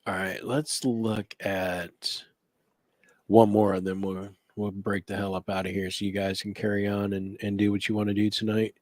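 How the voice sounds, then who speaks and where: A man co-hosting a casual paranormal talk stream, rambling and halting as he describes recordings. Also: on the low side, flat delivery, dry recording, studio quality. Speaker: paranormal investigator co-host. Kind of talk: casual chat. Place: home studio, live stream.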